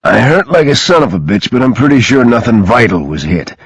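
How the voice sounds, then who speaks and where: A man voicing a gruff, wounded tough man who speaks in a pained, gravelly way. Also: medium pitch, very animated, fairly quick, dry recording, voice pushed up.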